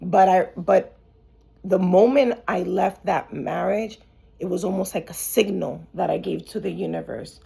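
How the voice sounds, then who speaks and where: A woman's voice: on the low side, measured pace, vocal fry, dark tone, breathy edge. A woman hosting a podcast, telling her own story candidly in a chatty way, full of "like" fillers and restarts. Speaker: podcast host.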